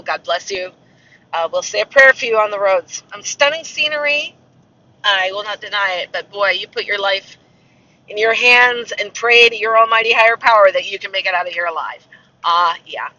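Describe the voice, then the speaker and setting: Man, castle tour guide type, high and sharp-toned, chatty and rambling, muffled far-off recording. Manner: rambling, chatty, self-mocking asides. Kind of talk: casual vlog chat. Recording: muffled, slightly distant mic.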